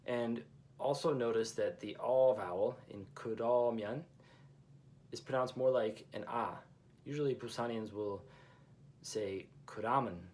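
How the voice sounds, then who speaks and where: A man's voice: mid-range voice, moderate pace, a little mellow. Patient man teaching a language lesson. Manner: patient, repeats each example phrase twice.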